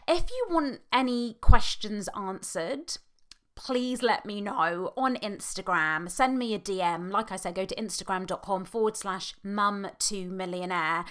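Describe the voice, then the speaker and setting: A British woman, a parent and hypnotherapist, talking through a personal podcast monologue in an earnest, heartfelt way with halting pauses and fillers. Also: mid-range voice, a bit bright, clear, resonant tone. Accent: British English.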